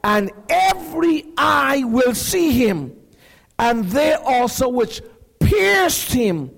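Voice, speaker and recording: A man preaching a sermon, building to shouts and asking the congregation questions. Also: very high-pitched, big pitch swings, slow pace, gravelly. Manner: preaching with rising shouts and call-and-response questions.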